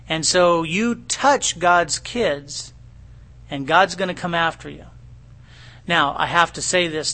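In a high, ringing voice, a middle-aged pastor talks his congregation through a sermon as though chatting with them. He keeps checking in with the crowd, homespun and folksy throughout.

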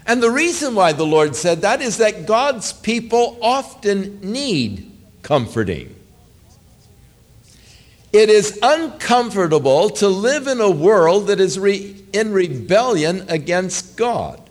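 Pastor, man, earnest sermon delivery, slightly raised voice, animated pitch. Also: takes it slowly.

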